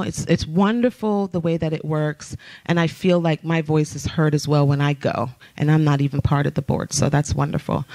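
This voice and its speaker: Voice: mid-range voice, darkish tone, no echo. A church announcer reading out announcements in an upbeat, chatty way, laughing often. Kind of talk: casual announcements. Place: church sanctuary.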